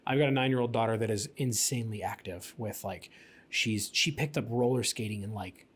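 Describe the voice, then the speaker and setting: A man in his thirties co-hosts a casual podcast, recounting a personal story in a chatty style packed with fillers. His voice is lowish and a bit bright with a breathy edge, and he talks briskly.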